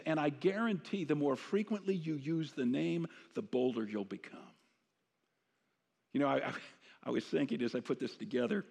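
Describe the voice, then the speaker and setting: A man's voice: fairly high pitch, vocal fry, darkish tone, slightly rough. A middle-aged male pastor giving a conversational sermon that rises to emphatic declarations. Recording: long hall reverb.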